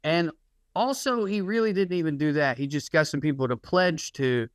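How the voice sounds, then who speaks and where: A man's voice: a little high, moderate pace, clear, resonant tone, no echo. A man co-hosting a casual comedy podcast, ranting in a sardonic, rambling way. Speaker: podcast co-host.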